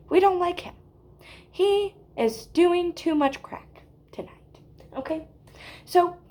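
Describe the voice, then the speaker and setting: A woman giving a deadpan parody of a spiritual lecture, stretching out her phrases and tagging them with "okay?". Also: extremely high pitch, creaky. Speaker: mock spiritual teacher.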